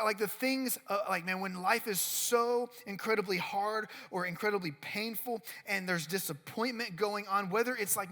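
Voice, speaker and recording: Bright, high-voiced youth pastor in a hall. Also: male voice. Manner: chatty, leans heavily on "like", acts out quotes. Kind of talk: casual youth sermon, storytelling. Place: worship center. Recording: long reverb of a worship hall.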